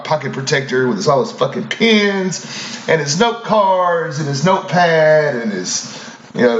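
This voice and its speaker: A man's voice: fairly high pitch, a bit bright, a little hiss or hum. A man hosting a morning show, chatting casually in a rambling, profane way with laughing asides. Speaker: radio show host. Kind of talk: casual chat. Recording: roomy, dull, lo-fi studio sound.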